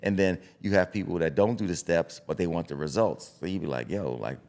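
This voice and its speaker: A man's voice: deep voice, a little fast. A middle-aged man, a boxing coach, talking bluntly and animatedly in a casual podcast conversation. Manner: blunt, animated, acts out voices of self-talk.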